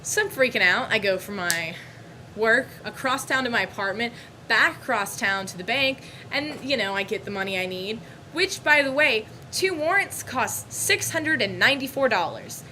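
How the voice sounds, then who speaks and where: A young woman vlogger telling a story about her bad day in a casual, animated, exasperated way. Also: a little high, normal speed, a little hiss or hum, low-quality recording. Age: young adult.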